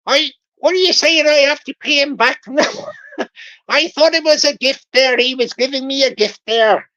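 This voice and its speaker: A woman's voice: high voice, a bit bright, highs cut off. A woman voicing a cheeky accused man who stalls and giggles while dodging a scam charge. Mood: defensive. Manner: evasive, giggling, drawn-out stalling.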